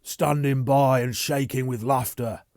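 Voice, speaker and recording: A man's voice: mid-range voice, steady tone, a little slow, a little mellow, dry recording, studio quality, lightly acted. Man reading a tormented, volatile spaceman. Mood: accusing. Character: tormented, rough-edged spaceman, volatile and bitter.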